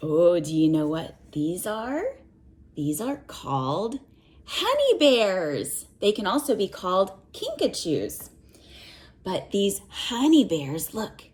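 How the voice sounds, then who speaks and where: Lively slow-paced woman reading to kids. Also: medium pitch. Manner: animated, asks the listener questions and counts along. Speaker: children's book reader. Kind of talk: reading a picture book aloud to children.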